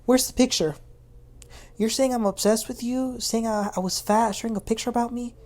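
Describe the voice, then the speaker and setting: A woman voicing an exasperated woman who confronts a friend with quick, pointed questions. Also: a little high, fairly even intonation, a little mellow, pitched above the performer's own voice, close to an everyday voice. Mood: incredulous.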